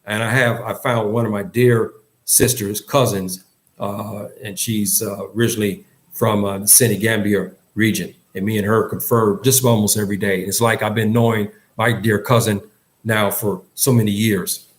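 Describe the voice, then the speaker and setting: A man's voice: fairly low pitch, flat delivery, normal speed. A man giving an Islamic lesson in English, earnest and emphatic, often repeating himself and restarting his sentences. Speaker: religious teacher.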